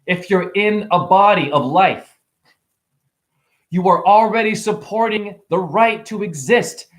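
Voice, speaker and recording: A man giving a rambling spiritual monologue to camera, animated and preachy, joking, exclaiming and swearing casually. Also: high-pitched, a little slow. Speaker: spiritual vlogger.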